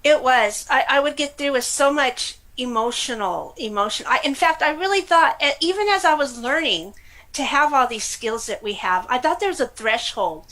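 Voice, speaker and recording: Woman, middle-aged, from California, high-pitched, animated, laughing, personal storytelling. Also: moderate pace, rough recording. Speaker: guest.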